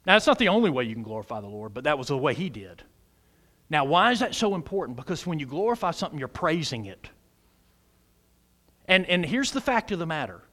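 A man preaching a sermon as pastor of a church, loud and emphatic, using humor and questions to the congregation. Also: sing-song, brisk. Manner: loud, emphatic preaching with big pitch swings. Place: church sanctuary.

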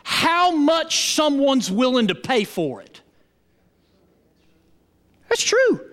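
High-voiced preacher in an echoing hall. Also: male voice, slow. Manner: call-and-response preaching, animated and emphatic. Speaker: pastor. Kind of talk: sermon. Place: church.

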